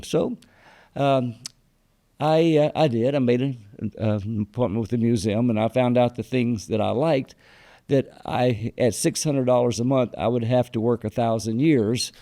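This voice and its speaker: A man recounting stories as a guest in an interview, stopping often with fillers and quoting people along the way. His voice is dark and mellow, with a gravelly fry at the bottom. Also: medium pitch, moderate pace. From Texas. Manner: rambling anecdotes with fillers, quoting others. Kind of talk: storytelling interview.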